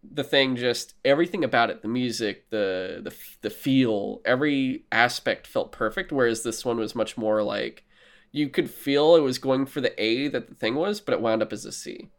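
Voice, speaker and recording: A man talking casually on a podcast, recapping films in an animated, swearing style. His pitch sits in a plain middle range, and he jumps into little acted bits as he tells the story. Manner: animated, profane storytelling that acts out quotes. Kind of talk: casual movie chat.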